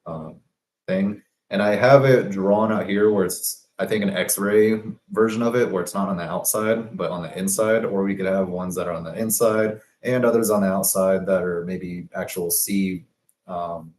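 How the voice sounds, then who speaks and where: A man's voice: low voice, darkish tone, reverberant, slight background noise. A man casually explaining his own invention sketches, rambling and thinking aloud with fillers and self-corrections. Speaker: presenter of business ideas.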